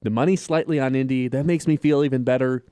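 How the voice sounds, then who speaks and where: A man's voice: medium pitch, fast. A man hosting a casual sports betting talk show in a radio studio, reeling off stats and ranting at times. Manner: animated, runs through stats and rants.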